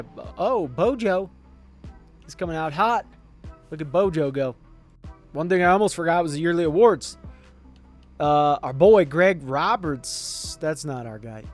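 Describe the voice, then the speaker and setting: A man commenting on a football video game, swinging from quiet mumbling to excited yelling. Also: on the high side. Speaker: gaming YouTuber.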